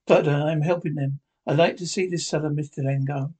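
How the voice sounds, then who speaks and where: A man's voice: on the high side, fairly even intonation, fairly quick, darkish tone, breathy edge. A man reading the lines of an eccentric male time-traveller hero in a script read-through. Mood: inquisitive.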